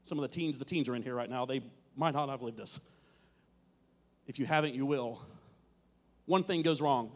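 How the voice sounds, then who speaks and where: A man preaching a sermon to a congregation, telling a story with dramatic swells and sudden drops to a quiet murmur. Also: mid-range voice, a little fast, pauses often, long reverb tail. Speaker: pastor. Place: church hall with teens present.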